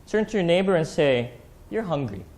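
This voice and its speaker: A man's voice: fairly high pitch, lively intonation, normal speed, darkish tone, slight background noise. A man in his thirties preaching a sermon to a church congregation in a casual, conversational way, often checking in with the listeners. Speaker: pastor. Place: church hall.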